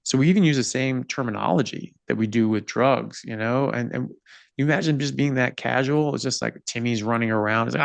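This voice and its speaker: A man hosts a conversational interview over a video call and makes his points earnestly and with emphasis. His voice has a gravelly edge. The sound is dry and close to the mic. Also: medium pitch, steady tone, fairly quick, no echo. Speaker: podcast host.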